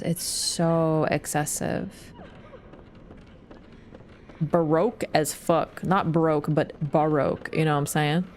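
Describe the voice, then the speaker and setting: A woman's voice: on the low side, a little mellow, a little hiss or hum. A woman chatting casually through a gaming livestream, swearing freely, laughing and answering her chat.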